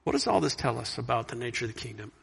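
A man preaching a sermon, earnest, reading scripture loudly and dropping soft to reflect. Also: medium pitch, sing-song, rapid-fire, vocal fry, slightly rough. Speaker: pastor.

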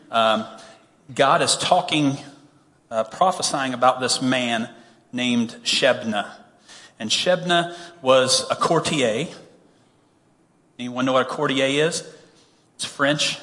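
A man's voice: mid-range voice, a bit bright, in a large hall. A man preaching a sermon, reading scripture and then explaining it in a conversational way, with humorous asides. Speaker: pastor.

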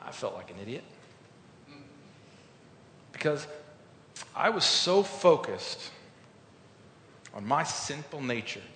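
A man delivers a sermon in an earnest, storytelling way, rising to loud emphasis and sinking to quiet reflection. His mid-pitched voice rings through a large echoey hall. A faint rumble sits under the recording. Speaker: pastor.

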